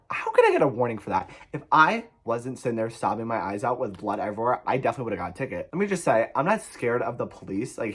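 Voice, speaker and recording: A young man from New Jersey telling a frantic, profane storytime in a rambling, animated way. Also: mid-range voice, husky. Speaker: vlogger. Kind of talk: storytime vlog.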